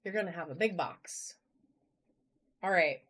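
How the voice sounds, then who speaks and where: Her voice is on the low side but fairly bright, and she talks a little slowly. The woman is hosting a live-stream sale on a phone camera, bubbly and chatty, welcoming viewers by name as she shows items.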